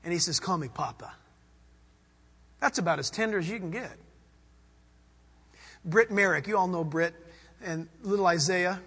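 A pastor preaches with a very high, bright and ringing voice. He drops to near whispers and then surges to loud emphasis. His words carry the long echo of a big church hall. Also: normal speed, pauses often, breathy edge. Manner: dramatic, swings from hushed to loud emphasis. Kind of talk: sermon.

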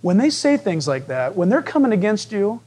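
A male pastor preaching a sermon in an animated, joking way, acting out voices as he goes. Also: high-pitched, moderate pace, slightly rough.

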